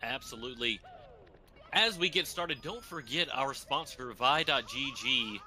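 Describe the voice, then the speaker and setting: A man runs the commentary on a live speedrun broadcast, upbeat and talking straight to the chat. His voice is very bright and edgy, with a faint hiss of noise underneath, as if through a headset mic. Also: medium pitch, lively intonation, measured pace. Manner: upbeat, hype-building, talks to chat and runner.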